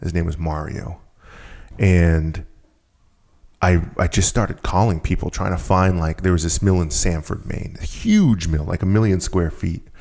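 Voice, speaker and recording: A man's voice: low voice, unhurried, gravelly, darkish tone. A man talking as a podcast guest, telling a story and acting out the people he quotes. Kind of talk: storytelling conversation.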